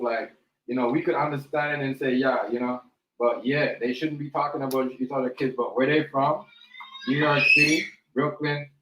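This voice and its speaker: A man's voice: mid-range voice, a bit bright. Rambling man in an echoey room. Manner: rambling, repeats words, many fillers. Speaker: stream host. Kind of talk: casual reaction commentary.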